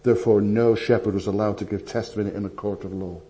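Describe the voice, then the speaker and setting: A man preaching a sermon, telling stories with animated swings between loud emphasis and hushed asides. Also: lowish voice, quick pace. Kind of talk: sermon with anecdotes.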